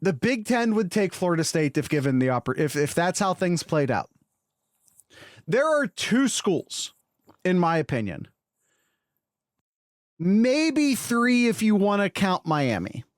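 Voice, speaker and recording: A man with a high voice co-hosts a sports podcast, talking casually and with plenty of opinion. He speaks in animated bursts and restarts his sentences. The recording is dry and close, with no room sound. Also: unhurried, long pauses, dry recording. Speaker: podcast co-host.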